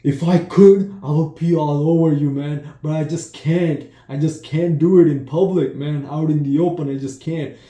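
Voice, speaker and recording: Brief: man doing an anxious, pleading adult man, higher than his own voice, very dark tone. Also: fairly even intonation, moderate pace, hardly any pauses, echoey room, natural voice. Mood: flustered pleading. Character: anxious grown man who can't pee in public.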